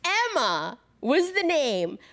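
A Korean American woman doing stand-up, a wry and deadpan storyteller with a lively, swooping pitch. She talks slowly and sits fairly high, and faint noise hangs behind her. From United States. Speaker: stand-up comedian. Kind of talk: stand-up comedy set.

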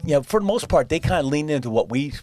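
A man, a former chef, guesting on a podcast and telling lively anecdotes in a casual chat. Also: a little high, quick pace. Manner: animated anecdotes with quoted voices. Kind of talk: casual interview storytelling.

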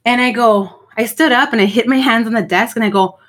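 A middle-aged woman co-hosting a podcast, telling stories in a blunt, profane, animated way. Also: on the high side, a little fast, few pauses. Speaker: podcast co-host. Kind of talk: casual chat.

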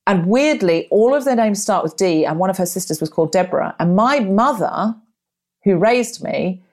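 Animated storytelling woman. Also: moderate pace. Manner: animated, acts out her own and others' lines with big rises in pitch. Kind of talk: casual storytelling chat.

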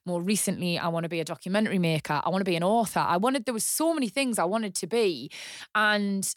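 Young woman, softened Geordie accent, chatty guest who laughs easily, dry close sound. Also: medium pitch, fast, no room sound. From Northeast England. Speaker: podcast guest. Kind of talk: casual chat.

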